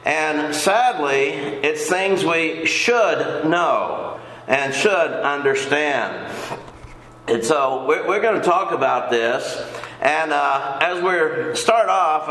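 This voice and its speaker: A man's voice: a little high, fairly bright tone. An older man teaching a casual Bible lesson in a folksy, rambling way, often repeating himself. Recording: echoey room.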